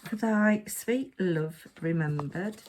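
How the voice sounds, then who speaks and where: A woman's voice: fairly low pitch, takes it slowly, a little mellow. A tired woman giving a chatty crafting narration, muttering to herself with playful asides.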